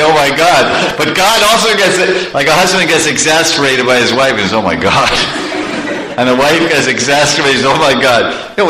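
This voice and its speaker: Guy telling scripture stories, lots of chuckles, bright voice, echoey room w/ faint hum. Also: fairly high pitch. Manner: animated, chuckling often, conversational asides. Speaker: preacher. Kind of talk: storytelling sermon.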